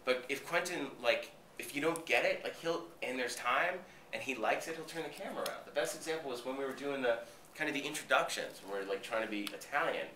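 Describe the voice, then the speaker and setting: A man's voice: medium pitch, quick pace, bright, forceful tone, slight background noise. A man from Boston, an actor being interviewed, telling behind-the-scenes stories in a casual, profane way and acting out what others said. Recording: roomy echo, voice from a distance.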